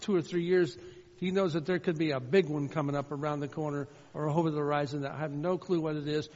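A man preaching a sermon as a pastor, shifting from loud fervent calls to quiet personal storytelling. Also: on the high side, fairly even intonation, quick pace. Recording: dull sound with long hall reverb.

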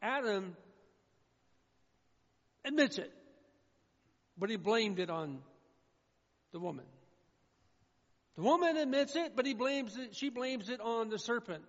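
A man preaching a sermon with emphatic delivery, his voice swinging from loud declarations to hushed low lines. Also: expressive, slow, pauses often. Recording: echoey hall with dull sound.

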